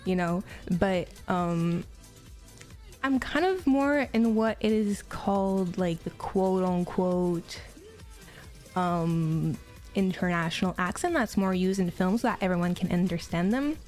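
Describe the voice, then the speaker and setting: A woman's voice: on the low side, takes it slowly, a little mellow, soft background music. A woman with a Quebec French accent, a native French speaker, chatting casually on a livestream, greeting and thanking viewers between stories.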